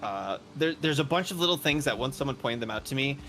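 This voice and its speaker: Over background music, a streamer chats and rambles while gaming, breaking into frequent laughs. He has a mid-range, fairly bright voice and talks fast and animatedly, with a little hiss or hum on the recording.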